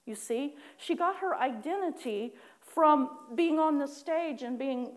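A woman preaching a personal testimony, animated in her storytelling, acting out her own prayers with laughing asides. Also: high voice, unhurried. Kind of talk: sermon testimony.

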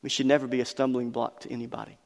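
A man preaching a sermon as pastor, emphatic and building to loud passionate peaks. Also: mid-range voice, little pitch movement, rapid-fire, creaky. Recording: long reverb of a hall.

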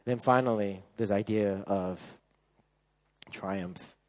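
A man in his thirties preaching at a camp, telling a personal story with lively acted-out voices and frequent laughter. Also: fairly low pitch, takes it slowly. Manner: animated storyteller, acts out voices, laughs often. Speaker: camp speaker. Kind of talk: sermon with storytelling.

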